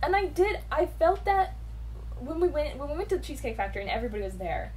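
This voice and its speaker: A young woman with a slightly raised pitch tells self-mocking stories on a casual podcast and laughs through her own lines. A faint hum of room ambience sits under her voice. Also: very animated, quick pace, darkish tone. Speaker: podcast co-host. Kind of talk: casual chat.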